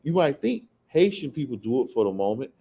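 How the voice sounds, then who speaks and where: A man leading a casual scripture study, talking loosely and reading Bible verses slowly and deliberately. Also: medium pitch, big pitch swings, mellow, husky. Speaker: Bible teacher.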